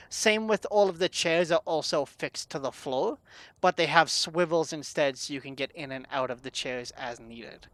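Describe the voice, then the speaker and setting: Male game master, relaxed scene narration, bright tone, dry close recording. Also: fairly high pitch, no room sound. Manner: descriptive, relaxed, with fillers.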